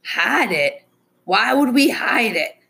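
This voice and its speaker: A woman's voice: low-pitched, animated, unhurried. A woman voicing a stubborn, defensive male suspect who scoffs at accusations in a read-aloud story. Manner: defensive, sarcastic.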